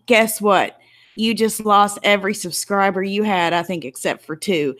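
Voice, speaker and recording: A woman's voice: mid-range voice, a bit bright. A woman YouTuber giving an angry, emotional commentary, tearful and indignant as she talks. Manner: emotional, indignant, close to tears.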